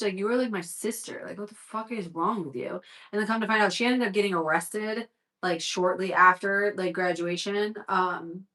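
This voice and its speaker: A young woman on a livestream, telling a story from her own life in loose, candid chat. Her voice is bright and forward, and she swears freely and says "like" constantly. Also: mid-range voice.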